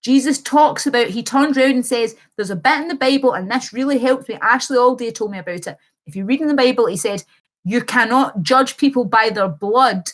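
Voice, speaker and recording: A woman's voice: a little high, fast, hardly any pauses. A young woman livestreaming, reading chat comments and rambling in an impassioned way, swearing casually.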